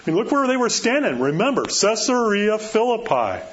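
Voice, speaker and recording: A man's voice: sits high, sing-song, moderate pace. A man preaching a sermon in a conversational way, often checking in with his listeners through rhetorical questions. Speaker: pastor. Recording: dull lo-fi sound with faint noise.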